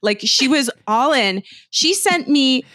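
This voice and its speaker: A woman guesting on a podcast, telling stories in an animated way with laughter. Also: high voice, takes it slowly. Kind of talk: casual podcast chat.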